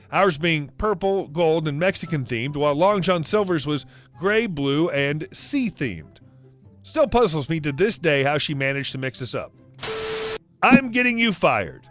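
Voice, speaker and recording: A man narrating reader-submitted stories in a lively storytelling manner, acting out the dialogue. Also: a little high.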